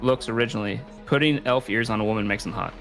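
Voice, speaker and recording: A man running a tabletop game as game master, easygoing and quick to laugh. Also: lowish voice, vocal fry, fairly bright tone, soft background music.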